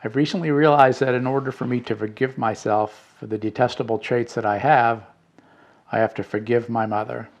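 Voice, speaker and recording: A middle-aged man reading out letters and reflecting, in a slow, halting way with fillers and restarts. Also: medium pitch, fairly even intonation, dull audio. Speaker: spiritual podcast host.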